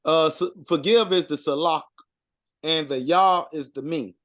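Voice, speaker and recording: A man with a fairly high voice talks slowly through an informal language lesson. He reads out words one by one, stops to sound them out, and fills the gaps with "uh" and "um". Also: fairly bright tone. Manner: halting, sounds out words, many fillers. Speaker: co-presenter reading out vocabulary.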